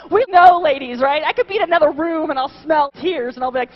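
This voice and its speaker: High-voiced woman telling an animated testimony. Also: fairly quick. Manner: animated storytelling with playful asides to the audience. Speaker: conference speaker. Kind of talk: humorous personal testimony talk. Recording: dull lo-fi live recording.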